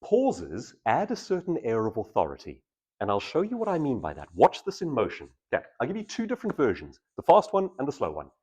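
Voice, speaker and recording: Man, husky voice, hugely lively pitch, public speaking coach, live workshop in a room. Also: brisk. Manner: animated, shifting between intense and casual delivery. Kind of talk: live workshop talk to an audience.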